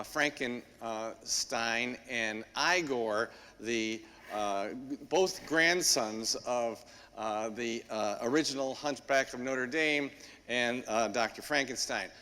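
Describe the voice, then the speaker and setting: A man, a priest, giving a homily in a church in a conversational storytelling manner with frequent pauses. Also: mid-range voice, pushed and bright. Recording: long church reverb.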